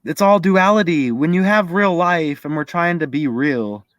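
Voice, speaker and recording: A man's voice: on the high side, moderate pace, dry recording. Chatty man thinking aloud to viewers. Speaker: video creator. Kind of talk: casual commentary to viewers.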